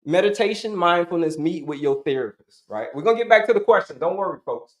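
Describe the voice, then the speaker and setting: A man's voice: high-pitched, lively intonation, fast talker, reverberant. A middle-aged man giving an emphatic, repetitive health coaching talk, asking and answering his own questions to the audience.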